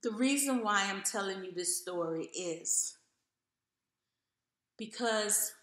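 A woman's voice: medium pitch, animated, slow, a bit bright, echoey room. A woman telling her own story to camera in an earnest, encouraging way, repeating phrases for emphasis.

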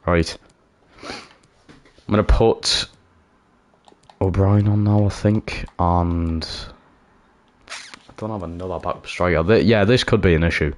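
Brief: deep-voiced man, excitable gameplay commentary. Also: slow pace, long pauses. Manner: excitable, swings from cheering to groaning. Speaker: gaming YouTuber.

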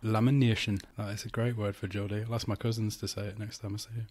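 Man with a lowish voice, guest on a home-recorded chat podcast, playful and jokey. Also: little pitch movement, rapid-fire, darkish tone, husky. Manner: jokey, trying out regional accents. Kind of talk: casual chat. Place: living room of a flat, indoors.

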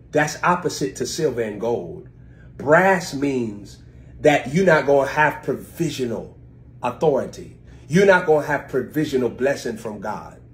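Man preaching a live-streamed sermon. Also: mid-range voice. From United States. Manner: reads scripture slowly, then explains it with sudden loud swings; informal, chatty asides to online viewers.

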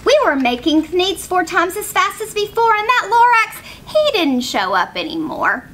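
Lady reading a rhyming kids' story out loud, high bright voice, sing-song and expressive. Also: moderate pace, slight background noise. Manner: expressive, rhythmic rhyming delivery. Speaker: teacher reading aloud. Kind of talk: children's story read-aloud.

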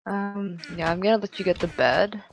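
A young woman chatting casually while gaming, giggly and teasing with excitable exclamations. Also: mid-range voice, normal speed, a little hiss or hum, rough recording. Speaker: gamer.

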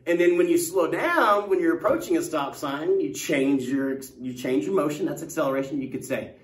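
Male teacher, playful and jokey, high voice, roomy classroom sound. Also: lively intonation, normal speed, hardly any pauses. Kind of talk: classroom lesson. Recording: echoey room, mic at a distance.

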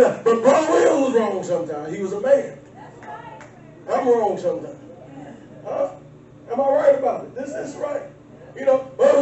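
A man preaching a sermon as pastor, animated, often breaking into shouts and laughter. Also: extremely high pitch. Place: church sanctuary. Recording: echoey church sound from far off.

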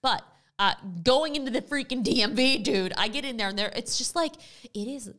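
Speaking a little fast in a slightly high voice, a young podcast co-host animatedly relates a story during casual conversation, performing the quotes of the people involved.

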